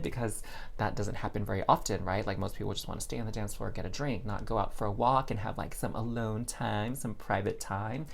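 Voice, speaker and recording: This tarot reader's voice is fairly low, a little fast, and touched with vocal fry. He keeps his reading casual and expressive, talking to listeners directly as "girl" and "y'all."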